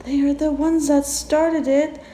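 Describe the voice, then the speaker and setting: Woman voices an angry, demanding young captive with a high, pushed voice in a roomy space. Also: normal speed, slight background noise, close to an everyday voice. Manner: loud, demanding. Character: young man, shouty defiant captive brother.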